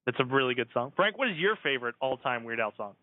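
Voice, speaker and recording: A young man hosting a podcast, bantering and joking about himself in a relaxed way. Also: medium pitch, fast talker, slight background noise. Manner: joking, self-mocking. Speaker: podcast host. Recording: tinny phone-like recording.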